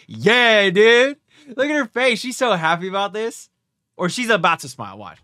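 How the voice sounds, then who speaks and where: A young man hosting a reaction video, thinking out loud in excitable, profane casual commentary. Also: high-pitched, measured pace, pauses often, dry recording.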